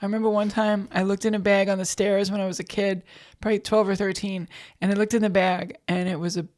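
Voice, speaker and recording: A woman's voice: medium pitch, little pitch movement, fast talker, a little mellow. A woman co-hosting a casual podcast chat, joking and self-mocking. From United States. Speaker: podcast co-host.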